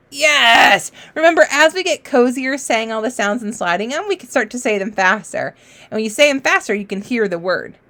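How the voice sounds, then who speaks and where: A woman teacher giving a children's phonics lesson, encouraging and sounding out letters slowly. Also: a little high, bright, forceful tone.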